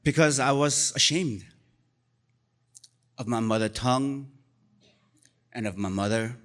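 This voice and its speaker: A man's voice: mid-range voice, unhurried, fairly bright tone. A man in his forties, born in Korea with Korean as his first language, telling a personal story on stage at a live story slam with dry, self-deprecating humor.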